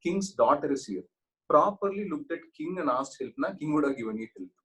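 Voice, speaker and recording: A man's voice: on the high side, animated, a little fast, fairly bright tone, slightly rough. A man teaching an exam-prep class, telling stories and often checking that students follow. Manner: storytelling with frequent check-ins. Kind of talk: online exam-prep lecture.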